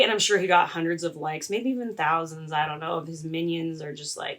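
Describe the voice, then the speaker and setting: A young adult woman, a content creator, telling a story in a casual vlog with animated sarcasm. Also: low voice, a little fast, few pauses. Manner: animated and sarcastic, laughing often.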